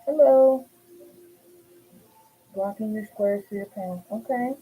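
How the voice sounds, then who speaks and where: Crocheting at home, a middle-aged livestream host chats casually, reading out viewers' comments and replying to them by name. She speaks slowly in a medium-pitched, slightly rough voice. The sound is thin and phone-like, with faint background hiss.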